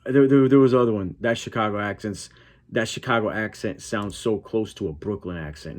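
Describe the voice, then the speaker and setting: A man from Connecticut, with the accent to match, does reaction commentary in a lowish, slightly mellow voice at a moderate pace. He's blunt and swears freely, talking back to the clip he's watching as a reaction YouTuber.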